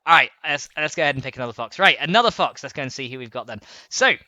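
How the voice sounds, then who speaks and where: A man's voice: medium pitch, lively intonation, racing, bright, forceful tone, no room sound, lo-fi sound. A young man streaming a building game, chatting casually, giggling and reading out chat messages. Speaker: gaming streamer. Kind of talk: casual live gameplay chat.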